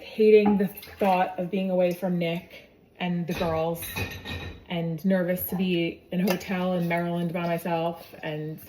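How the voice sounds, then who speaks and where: Chatty woman in her forties, lower voice. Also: background noise. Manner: chatty, often acts out what others said with "like". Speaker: mother sharing her health story. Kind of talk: casual personal storytelling.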